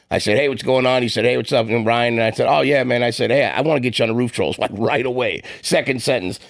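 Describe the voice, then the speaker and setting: Fast-talking gravelly podcast host. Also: male voice, mid-range voice, no echo, clean studio sound. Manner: fast, rambling storyteller with fillers. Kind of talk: casual podcast chat.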